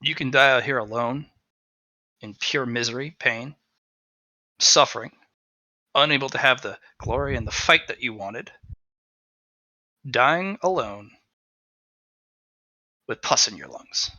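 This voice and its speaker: A man voicing a grim, wary veteran monster hunter who speaks low, quiet and threatening. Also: measured pace, long pauses, dry recording, dull audio.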